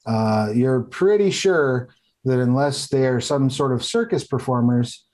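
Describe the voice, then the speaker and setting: A man narrating as game master for a tabletop game, talking casually and halting often over fillers and restarts. His pitch sits in an ordinary middle range. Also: animated, a little mellow.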